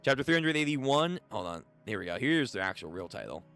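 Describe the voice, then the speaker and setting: A man casually commenting and chatting with viewers during a live manga readthrough, slangy and animated. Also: mid-range voice, fairly quick, clean tone. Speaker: streamer reading manga aloud.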